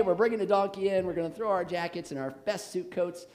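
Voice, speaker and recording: Animated American pastor preaching a sermon. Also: male voice, high voice, moderate pace. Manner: animated, jokey, rising to shouts on quotes. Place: church sanctuary. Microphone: handheld microphone, later switched off.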